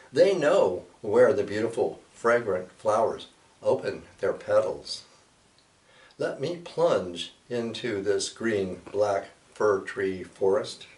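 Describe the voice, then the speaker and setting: A man reads poetry aloud at an unhurried, measured pace, with a lowish voice and small hesitations. He sounds roomy and set back from the mic. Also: recorded from a distance. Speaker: radio host. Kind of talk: poetry reading.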